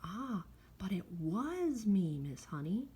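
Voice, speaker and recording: An earnest little schoolgirl pleads her case in a bright, raised voice, as a woman reading aloud puts her on. Her pitch climbs high on every line, and the read-aloud storybook feel never drops. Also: lively intonation, normal speed, a little hiss or hum, natural voice. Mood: insistent.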